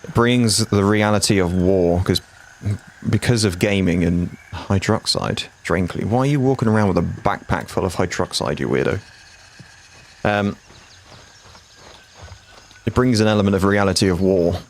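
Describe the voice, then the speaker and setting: A man's voice: low voice, normal speed, pauses often. A man, chatting bluntly and swearing freely with viewers while he streams a game. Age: 40s. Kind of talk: casual live-stream chat.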